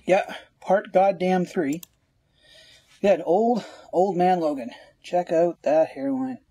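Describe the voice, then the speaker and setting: A man's voice: high-pitched, slow pace, dark tone, husky, no room sound. A man from Canada with a Canadian accent, ranting sarcastically and rambling through a comic book review as podcast host.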